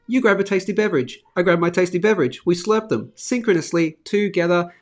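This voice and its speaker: A man's voice: sits high, brisk. A middle-aged man with an Australian accent, hosting a live finance show in a chatty, upbeat way and reading viewer comments aloud. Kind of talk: casual live-stream chat.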